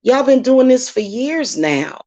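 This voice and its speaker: This woman's voice is high, very animated, and mellow, with a measured pace. As a spiritual reader hosting her own channel, she rants angrily and profanely at her critics in a confrontational vlog, recorded muffled and without echo.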